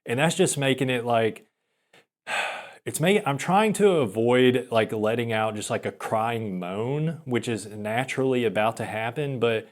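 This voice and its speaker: A young podcaster with a mid-range, unhurried voice tells a long personal story in casual chat. He rambles and pokes fun at himself, restarting often and letting out small laughs.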